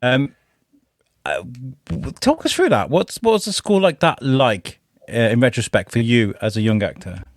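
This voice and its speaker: A man's voice: mid-range voice, very animated, moderate pace, no room sound, studio quality. A man hosting an interview, asking questions in a chatty, rambling way with many fillers. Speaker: podcast host.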